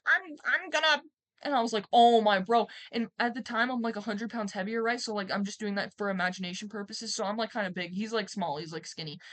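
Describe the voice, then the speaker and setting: A young woman streamer telling a personal story in a rambling, animated way, swearing and acting out quotes loudly. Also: medium pitch. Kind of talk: casual storytime.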